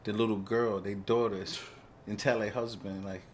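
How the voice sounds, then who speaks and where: A middle-aged man with a New York accent hosting an interview podcast, supportive and quick to affirm his guest. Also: on the low side, little pitch movement, slight background noise. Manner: supportive, frequent brief affirmations. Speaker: podcast host, retired police executive.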